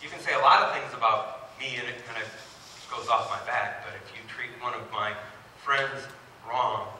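Bright, animated male pastor in an echoey hall. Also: mid-range voice, normal speed, distant mic, slight background noise. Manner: animated storytelling with rising emphasis. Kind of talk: sermon. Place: church sanctuary. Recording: very echoey hall, mic from afar.

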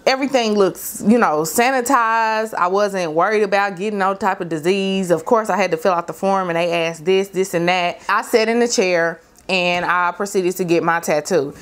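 A middle-aged woman vlogger casually telling a story from her teenage years to her viewers, slangy and animated. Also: fairly low pitch, moderate pace, hardly any pauses.

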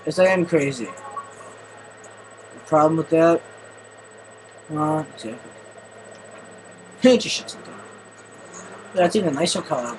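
Excitable young man yelling over gameplay. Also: on the high side, slow pace, pauses often, slight background noise, rough recording. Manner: excitable, yelling and swearing at the game. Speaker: gameplay commentator. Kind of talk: let's play commentary.

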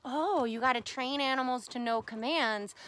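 A woman pet psychic chatting with her dog in a casual vlog, animated and giggly, with fond baby talk. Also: high voice, normal speed, slight background noise.

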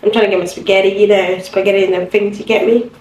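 A young woman vlogging from home to her phone, chatty and sassy with sudden high exclamations. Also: fairly even intonation, fast, a little mellow, a little hiss or hum, rough recording. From Nigeria. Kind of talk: casual vlog chat to camera. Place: home, indoors.

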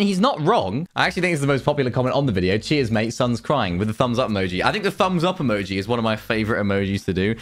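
A man's voice: fairly high pitch, a bit bright. Sarcastic man reacting to comments. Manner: dry, sarcastic. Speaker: YouTuber.

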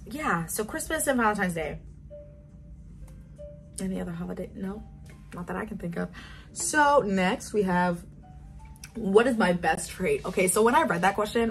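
A woman's voice: fairly low pitch, creaky. An eighteen-year-old woman chatting casually in a get-to-know-me vlog, bubbly and wandering off on tangents. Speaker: vlogger.

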